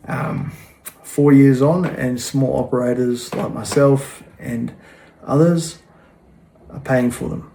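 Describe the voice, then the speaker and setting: A man talking frankly and casually, pausing often with ums as he explains a personal matter. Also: medium pitch, steady tone, vocal fry, warm tone, a little hiss or hum. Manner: frank, plain-spoken, frequent ums. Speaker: vlogger. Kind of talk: casual talk to camera.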